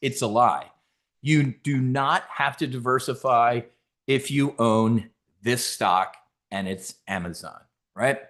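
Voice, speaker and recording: A brash man hosting a trading show, blunt and boastful with a middle-pitched voice. He talks loud and cocky, peppering his pitch with fighter-pilot slang. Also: slow. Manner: loud and swaggering, full of fighter-pilot talk. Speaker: options trading educator. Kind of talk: energetic market webcast.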